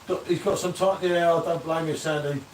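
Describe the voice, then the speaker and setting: A man's voice: fairly high pitch, steady tone, brisk, slight background noise. A man hosting a casual live beer-review stream, bantering and reading out viewer comments. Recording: echoey room, distant from the mic.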